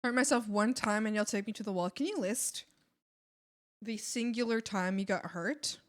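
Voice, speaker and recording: A woman's voice: medium pitch, moderate pace. A woman streamer chatting casually with her viewers while she draws, giggling and playful, often rambling and restarting. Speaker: art streamer.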